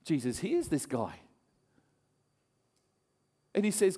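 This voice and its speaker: A man's voice: fairly high pitch, normal speed. A man preaching a sermon, telling a story with acted-out voices and frequent laughs. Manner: animated storytelling, acts out voices, laughs often. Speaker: pastor. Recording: long hall reverb.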